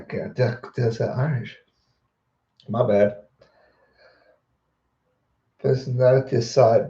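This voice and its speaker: A man hosting a livestream, casually chatting and answering viewers' questions with a rambling, relaxed manner. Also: medium pitch, roomy sound, lo-fi sound. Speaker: livestream host.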